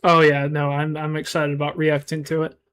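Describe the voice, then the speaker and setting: A man streaming live, chatting casually and rambling with frequent restarts; he calls his delivery monotone and mumbled. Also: fairly high pitch, brisk, smooth. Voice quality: mumbled, self-described monotone.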